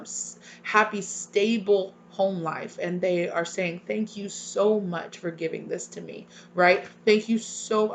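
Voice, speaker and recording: A woman's voice: lowish voice, a little hiss or hum. Gushing, emotional woman reading tarot. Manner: emotional, gushing, many fillers and repeated "right?". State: tearful at times. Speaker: tarot reader. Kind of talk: live tarot reading to viewers.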